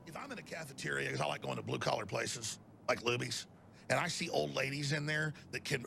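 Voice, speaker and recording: A man talking in an impassioned, ranting way, swinging up into shouts. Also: a little high, gravelly. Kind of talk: emotional on-air rant.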